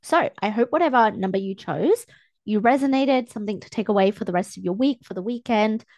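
A young woman hosts her own podcast, speaking straight to her listeners in a chatty, encouraging coaching tone. Her voice sits in an ordinary middle pitch. It is close-miked and dry, with no room sound. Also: lively intonation, brisk, darkish tone, dry recording. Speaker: podcast host. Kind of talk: casual solo podcast talk. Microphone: close podcast mic, filmed for video.

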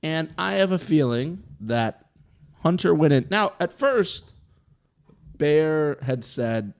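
Man, podcast host, casual chat, animated recap, acts out quotes. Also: on the high side, takes it slowly, creaky, smooth.

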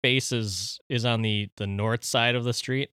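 A man's voice: medium pitch, fairly even intonation, a little slow, sharp tone, clean tone, dry recording, clean studio sound. A man co-hosting a podcast in casual banter, easygoing and reminiscing, laughing often. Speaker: podcast co-host.

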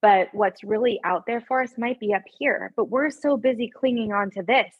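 A woman speaking as a podcast guest, telling a story in an earnest, animated way with many fillers and restarts. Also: fairly high pitch, moderate pace, breathy edge, dry recording, lo-fi sound. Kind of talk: conversational storytelling.

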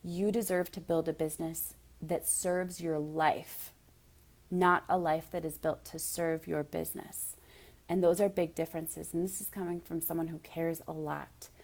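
A woman's voice: deep voice, level tone, normal speed, a little mellow. A woman giving a heartfelt, direct motivational monologue as a business coach, at times close to tears. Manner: emotional, near tears at times.

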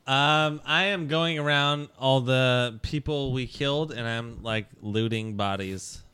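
A man's voice: mid-range voice, slow, bright, forceful tone, clean tone. A man playing in a tabletop game, rambling through his actions with lots of "like.". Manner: rambling, says "like" a lot. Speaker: player. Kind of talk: casual tabletop play.

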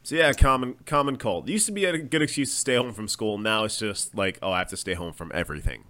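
A man co-hosting a comedy podcast, loud and jokey, swearing often. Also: on the low side, fast talker. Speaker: podcast co-host. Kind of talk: casual comedic chat.

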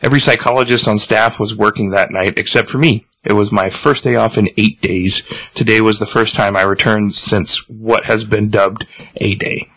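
A man casually retelling a comic book scene, halting with many ums and restarts. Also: fairly low pitch, steady tone, fairly bright tone, no echo, rough recording. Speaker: podcast host reading a comic aloud.

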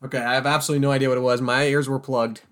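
Twenties male co-host, casual movie banter, upbeat, mid-pitched voice. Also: little pitch movement, very fast, a bit bright. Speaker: podcast co-host. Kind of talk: casual chat about movies.

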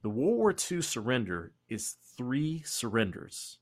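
A man with a Texan accent, hosting a podcast and telling history in a casual, profane way, laughing often and doing quick voices. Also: medium pitch, dry recording. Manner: profane, laughing, animated storytelling. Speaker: podcast host.

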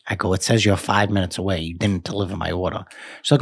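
A man's voice: low voice, animated, fast talker, husky. A man, co-hosting a podcast, telling a long gripe story in casual, profane chat. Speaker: podcast co-host.

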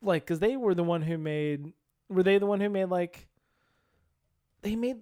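A podcast co-host chatting casually, telling stories in an animated way and swearing freely. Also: medium pitch, normal speed, no echo, studio quality. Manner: animated storyteller, swears casually, laughs often. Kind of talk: casual chat.

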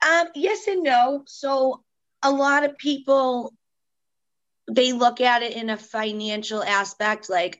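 A woman's voice: on the high side, slow pace, fairly bright tone, highs cut off. Woman w/ chatting on a podcast, heartfelt, lots of "you know"s. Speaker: guest, permanent makeup business owner. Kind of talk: casual podcast interview.

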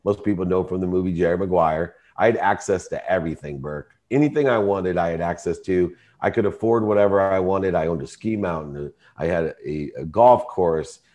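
Male guest, deep voice, passionate and emphatic storytelling. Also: a little fast, hardly any pauses, muffled recording. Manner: emotional, emphatic, rising to shouting in quoted arguments. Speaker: entrepreneur guest. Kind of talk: storytelling in an interview.

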